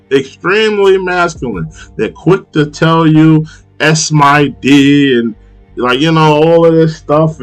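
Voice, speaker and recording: A man from Long Island, hosting a live stream and chatting casually, rambling and repeating himself with frequent laughs. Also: mid-range voice. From Long Island, New York. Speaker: live stream host reading chat. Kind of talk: casual chat.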